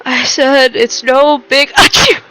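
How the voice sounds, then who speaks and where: A woman's voice: fairly high pitch, lively intonation, normal speed, pushed and bright, slight background noise, low-quality recording. A young woman streaming a romance game, reading narration and her own lines aloud and chatting between them.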